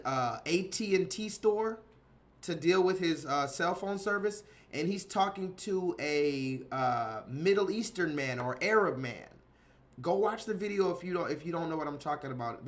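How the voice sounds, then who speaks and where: A man hosting a casual livestream, rambling and repeating himself while reading out viewers' chat comments. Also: a little high. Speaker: livestream host.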